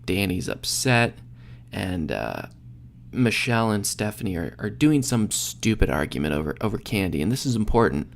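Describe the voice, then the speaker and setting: A young man co-hosting a podcast, casually recapping a sitcom episode with animated retellings and quick acted-out quotes. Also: lowish voice, creaky, a little hiss or hum. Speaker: podcast co-host.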